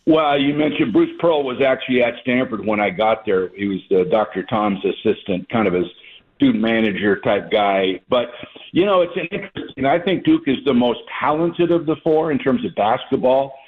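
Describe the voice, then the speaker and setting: A man's voice: mid-range voice, normal speed. An older man, a retired basketball coach, telling folksy stories as a guest on a radio sports show, with an easy chuckle. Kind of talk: radio interview storytelling. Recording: phone-line call-in audio.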